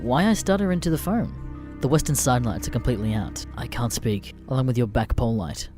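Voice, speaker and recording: A man narrating an internet horror story in a deadpan, profane way. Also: medium pitch, fairly quick, music in the background. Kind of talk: scripted narration of internet stories.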